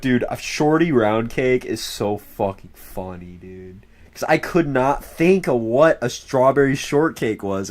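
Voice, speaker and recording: A young man streaming, chatting casually in a rambling, profane way and laughing often. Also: medium pitch.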